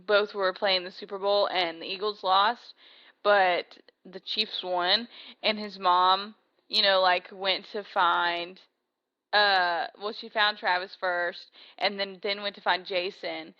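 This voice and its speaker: A woman's voice: mid-range voice, little pitch movement, slow, muffled recording. A young woman co-hosting a podcast, chatting casually and gushing emotionally, full of "like"s. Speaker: podcast co-host. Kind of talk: casual chat.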